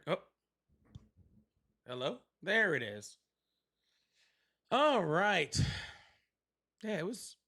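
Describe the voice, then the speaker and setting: A little high and bright, his tone forceful, the man runs a political show on livestream while sitting at home. The chat is casual, profane, sardonic and meandering.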